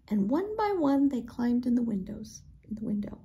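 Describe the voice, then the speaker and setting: A woman reading a children's storybook aloud in a gentle way, often dropping into a whisper. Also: on the high side, animated, normal speed, gravelly, hardly any pauses. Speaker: storybook reader.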